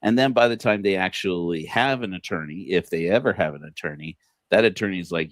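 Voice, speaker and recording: Low-voiced rambling man on a livestream. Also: a little fast, dry recording. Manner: rambling, many fillers and restarts, chuckles often; quotes people in put-on voices. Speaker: podcast host. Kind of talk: casual livestream monologue.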